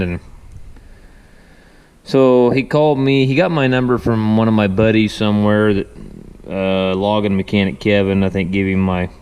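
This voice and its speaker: A man's voice: on the low side, steady tone, moderate pace, a little mellow, clean tone. A young man, a repair mechanic, talking casually in a rambling, folksy way with many restarts. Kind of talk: casual shop vlog talk.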